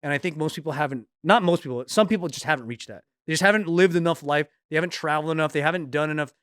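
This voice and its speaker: A man's voice: fairly high pitch, very fast, a bit bright, smooth, no echo, clean studio sound. A man on a comedy talk show making earnest, reflective points in casual chat. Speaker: commentator.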